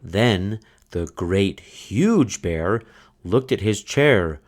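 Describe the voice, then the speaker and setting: A man reading a children's fairy tale aloud in a slow, expressive storytelling manner. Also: on the low side. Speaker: storybook reader. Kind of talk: children's book read-aloud.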